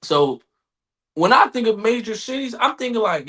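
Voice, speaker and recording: A man from Maryland co-hosting a podcast in casual chat, animated and profane, repeating himself as he goes. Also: very high voice, normal speed. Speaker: podcast co-host.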